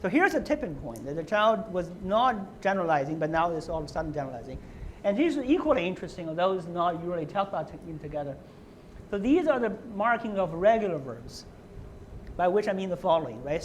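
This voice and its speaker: A man's voice: high voice, a little hiss or hum, poor audio. A man giving a university lecture who explains step by step, often checking in with "right?" and restarting his words. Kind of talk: academic lecture.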